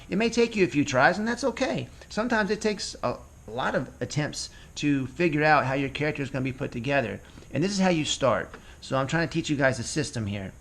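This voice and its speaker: A man's voice: on the high side, vocal fry. A man teaching a casual cartooning lesson, chatting and thinking aloud as he draws. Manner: relaxed, chatty, thinking aloud while drawing. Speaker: cartooning instructor. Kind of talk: casual drawing tutorial.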